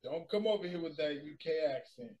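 A young man hosting a casual movie review podcast, slangy and excitable, with loud bursts of hype. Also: a little high, fairly quick, lo-fi sound. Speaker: podcast host.

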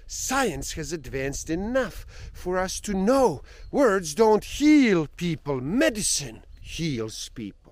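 A man voicing a proud, scornful doctor in a told parable, scoffing loudly and bristling with indignation. His pitch rides high as he dismisses the idea. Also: sing-song, slow pace, hardly any pauses, heavily acted. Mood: indignant. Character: arrogant angry male doctor.

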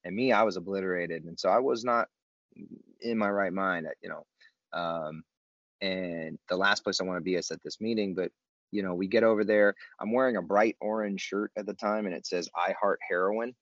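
Deep-voiced man telling a story, laid-back. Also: normal speed, a bit bright, no echo, lo-fi sound. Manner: laid-back, slangy, self-mocking humor. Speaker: guest telling his recovery story. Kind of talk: casual storytelling chat.

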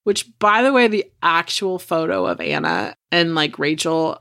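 A woman's voice: lowish voice, very animated, a little slow, creaky, sharp tone. A woman co-hosting a podcast, recapping a TV episode in casual chat, cursing freely and acting out characters' lines. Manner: chatty, swears freely, acts out characters' lines. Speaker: podcast co-host.

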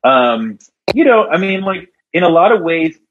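A husky-voiced man spins long story jokes in a relaxed podcast chat, his pitch swinging widely as he plays every character. The audio sounds a little dull and lo-fi. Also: normal speed. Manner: animated joke-telling, acting out characters with jumps in pitch. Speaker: podcast guest, writer.

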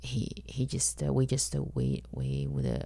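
A woman from China, whose first language is Mandarin, tells her own story bluntly and haltingly, acting out the people she quotes. Her voice is low, gravelly and mellow, set close and dry with no room sound. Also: big pitch swings, no room sound. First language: Mandarin Chinese. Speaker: guest comedian. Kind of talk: candid personal storytelling.

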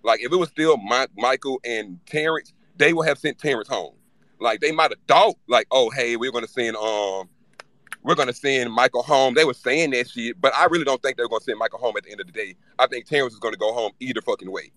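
Man guest, bright forceful voice, fast irritated rant, swears freely. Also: mid-range voice, no room sound. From Louisiana. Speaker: live-stream guest speaker. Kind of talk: casual fan chat.

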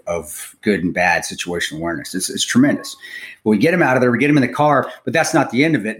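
A man's voice: fairly low pitch, a bit bright. An American man hosting a podcast who tells a story with energy, swears freely and often restarts his sentences. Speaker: podcast host.

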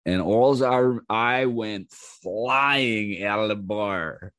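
Guy with a lowish voice on his podcast, telling crazy stories, swearing and laughing, doing everybody's lines, dry close sound. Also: extremely slow, no room sound. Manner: animated, acts out quoted lines in raised voices. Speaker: podcast host. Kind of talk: casual storytelling monologue.

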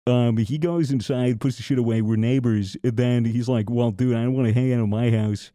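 A man's voice: medium pitch, fairly even intonation, fairly quick, mellow, no echo, studio quality. A young man, a podcast host, telling a rambling, profane story in casual chat with lots of restarts.

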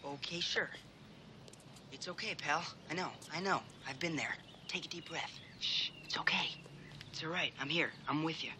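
A man's voice: on the high side, normal speed, close to an everyday voice. A young man playing a cocky wisecracking teen. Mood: soothing. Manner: jokey, teasing, then soothing. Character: wisecracking teenage boy, cocky and mocking. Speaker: high school student. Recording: film audio with faint background noise.

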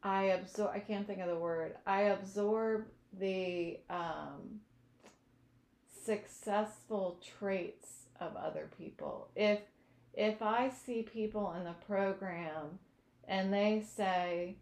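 Slow, earnest woman in an echoey room. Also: medium pitch, a little mellow. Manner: earnest, searching for words. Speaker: guest sharing her recovery story. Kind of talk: reflective personal testimony.

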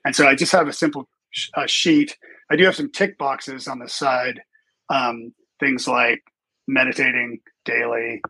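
A man who trains people in presenting, speaking as a podcast guest in a relaxed, explanatory way with many ums. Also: mid-range voice, a little slow, slightly rough, no room sound, rough recording. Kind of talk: casual podcast conversation.

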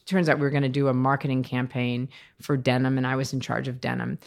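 A low-pitched American woman recounts stories as a podcast guest. She talks in an animated, conversational way and often laughs mid-sentence. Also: fast talker, gravelly. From United States. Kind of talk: conversational storytelling interview.

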